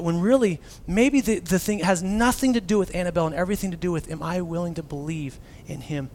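A man preaching a casual, animated sermon as a pastor, swinging from loud emphasis down to near-whispers and acting out quotes. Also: on the high side, brisk, hardly any pauses, a little hiss or hum.

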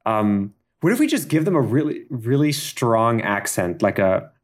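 A man improvising a comedic story in a relaxed, playful way. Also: medium pitch, normal speed.

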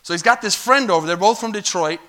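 High, bright-voiced storytelling pastor, a man. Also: fast. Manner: conversational storytelling preacher, calls for amens. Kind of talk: sermon. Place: church sanctuary.

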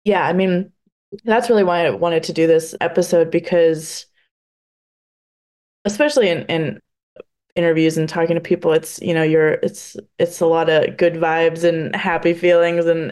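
A young adult woman talking candidly as a podcast guest, earnest and halting, full of restarts, and at times close to tears. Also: lowish voice, steady tone, a little mellow. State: emotional, near tears at times. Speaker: podcast guest, blind adaptive athlete. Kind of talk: candid interview conversation.

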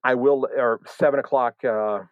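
American guy rambling on his live podcast, mid pitch, lots of ums. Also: fairly even intonation, moderate pace, no room sound, narrow, tinny audio. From United States. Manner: rambling, many fillers and restarts. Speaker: podcast host.

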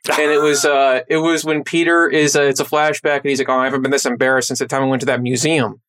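A man hosting a podcast, telling stories in a casual, animated way. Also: medium pitch, quick pace, a little hiss or hum. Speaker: podcast host. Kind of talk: casual chat.

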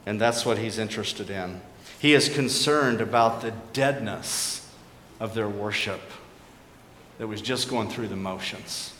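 A man preaching a sermon as pastor, earnest and questioning, dropping to quiet emphasis on key points. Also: lowish voice, a little slow. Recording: echoey hall with faint background noise.

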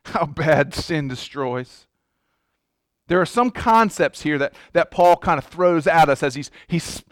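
A man's voice: fairly high pitch, fairly bright tone, no room sound, clean studio sound. A man preaching a sermon as pastor, emphatic, repeating words and restarting his sentences.

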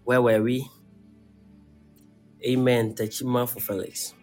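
A man's voice: mid-range voice, slow pace, faint music behind. A man preaching a sermon, reading scripture aloud and checking in with his listeners. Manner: animated.

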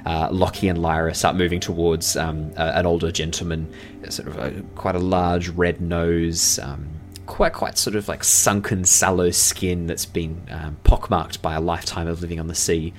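Low-voiced male dungeon master. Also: steady tone, moderate pace. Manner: rambling, filler-heavy description. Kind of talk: narrating a tabletop game.

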